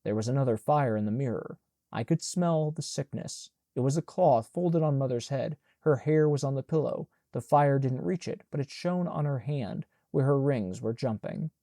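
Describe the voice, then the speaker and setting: A man narrating an audiobook in a measured, plain and even manner. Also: mid-range voice, no room sound, studio quality. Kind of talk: scripted narration.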